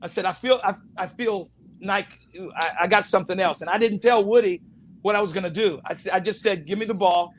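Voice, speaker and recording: A man telling animated anecdotes as an interview guest, acting out quotes and laughing often. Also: sits high, a little fast, a little hiss or hum. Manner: lively storyteller, acts out quotes, laughs often. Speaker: actor guest telling stories.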